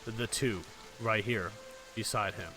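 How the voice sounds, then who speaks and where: A man's voice: fairly low pitch, measured pace, sharp tone. A man running a tabletop game as game master, narrating in a loose, casual way with lots of fillers and swearing. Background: faint fantasy music and rain.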